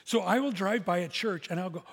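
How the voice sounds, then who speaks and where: A man's voice: high-pitched, fairly quick, gravelly, big-room sound. A man pastor delivering a sermon in a conversational, self-deprecating way.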